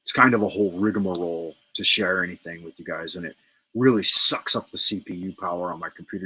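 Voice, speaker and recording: A man's voice: low voice, fast, bright, forceful tone, husky. A middle-aged man hosting a casual livestream from home, rambling, repeating himself and thanking viewers. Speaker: livestream host.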